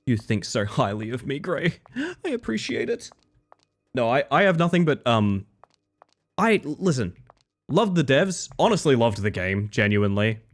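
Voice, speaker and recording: This Australian game streamer has a mid-range voice with big pitch swings and a moderate pace. He rambles casually with his audience, swears now and then, and often interrupts himself to restart what he's saying.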